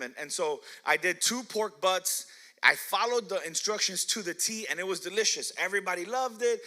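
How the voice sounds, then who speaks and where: A man's voice: high voice, normal speed, pushed and bright. A middle-aged man pastor telling playful, self-mocking stories in a sermon, laughing often and asking the crowd questions. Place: church hall.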